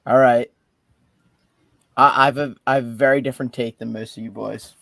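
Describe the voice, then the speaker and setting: A man's voice: medium pitch, fairly even intonation, normal speed, gravelly, fairly bright tone, no echo. A man speaks earnestly and sometimes fumbles or restarts his words. The recording is close and dry. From Italian-American family. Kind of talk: casual chat.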